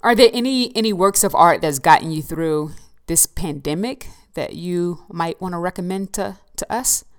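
A woman's voice: lowish voice, moderate pace. A woman hosting a podcast, asking a guest curious questions. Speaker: podcast host. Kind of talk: podcast interview.

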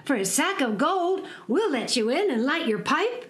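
A woman doing high eager little children. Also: sing-song, slow pace, a bit bright, echoey room, heavily acted. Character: group of small excited children.

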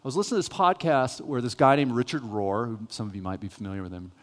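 A male pastor preaching a sermon, telling a self-mocking, animated story. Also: medium pitch, fast. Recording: reverberant church hall.

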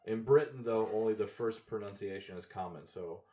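A man's voice: lowish voice, fairly quick, dark tone. A man co-hosting a podcast, reading search results aloud and teasing his friends. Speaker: podcast co-host. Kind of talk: casual podcast banter.

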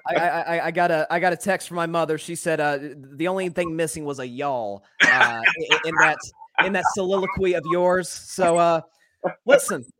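East Tennessee man hosting a sports podcast, high voice, upbeat and chatty. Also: fairly even intonation, sharp tone. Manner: upbeat, quick restarts and repeats. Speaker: podcast host. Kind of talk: casual sports podcast chat.

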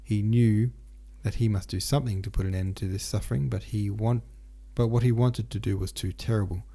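Deep, gravelly man reading a novel. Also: a little fast. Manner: steady reading with occasional stumbles and restarts. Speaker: audiobook narrator and translator. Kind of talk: literary audiobook reading.

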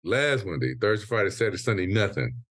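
A man co-hosting a casual podcast chat, venting with a profane, animated story full of quoted back-and-forth. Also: lowish voice, fast, dry recording, clean studio sound. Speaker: podcast co-host.

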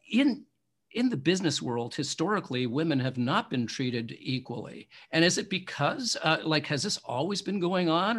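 A man's voice: fairly high pitch, a bit bright. A male host in a podcast interview, talking reflectively and searching for words as he sets up questions.

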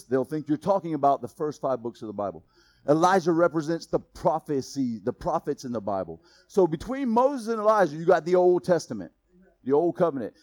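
A man preaching a sermon in a casual, conversational way, laughing at his own asides and swinging between loud emphasis and quiet intensity. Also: on the high side, no room sound. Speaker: pastor.

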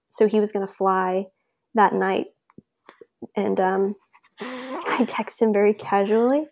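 A woman's voice: mid-range voice, a little mellow. A woman as an interview guest, telling a personal story in a chatty, loose way with many filler words. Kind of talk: casual conversational storytelling.

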